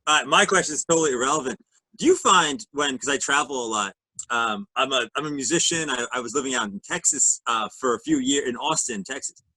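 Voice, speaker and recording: Bright, rambling Pennsylvania man. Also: medium pitch, lively intonation, no room sound, low-quality recording. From Reading, Pennsylvania. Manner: rambling, quick, self-interrupting questions. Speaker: podcast co-host, musician. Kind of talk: casual interview chat.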